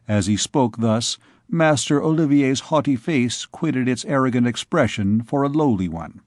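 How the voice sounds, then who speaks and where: A man narrating a classic novel as an audiobook, in a measured storytelling manner. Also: mid-range voice, expressive, a little mellow, no room sound, clean studio sound. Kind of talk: scripted narration.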